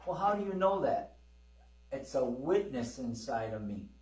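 A man's voice: mid-range voice, sing-song, unhurried, darkish tone. Folksy preacher man in an echoey hall. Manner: folksy storytelling, call-and-response with the congregation. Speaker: pastor. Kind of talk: sermon with personal testimony. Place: church hall. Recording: roomy hall, distant mic, mains hum.

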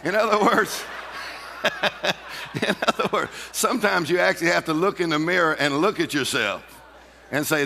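A man's voice: fairly high pitch, expressive, unhurried, gravelly, long pauses, pushed and bright, slight background noise. A man preaching a sermon in a church, emphatic and laughing often as he calls out to the congregation. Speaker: pastor. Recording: reverberant hall.

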